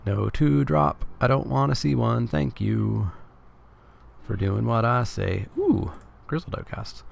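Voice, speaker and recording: A man's voice: mid-range voice, animated, slow pace, creaky. A Canadian man giving casual, wry live commentary as he plays a card game and jokes with his chat. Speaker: streamer.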